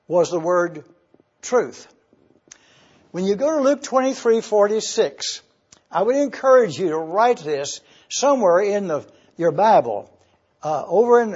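A man preaching a sermon in a church, teaching slowly and emphatically and spelling out words for his congregation. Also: high voice, darkish tone, breathy edge, muffled recording. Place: church hall with a screen.

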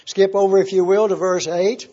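A man teaching a Bible study, slow and deliberate, repeating key words for emphasis. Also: high-pitched, fairly even intonation, dark tone. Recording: dull lo-fi sound.

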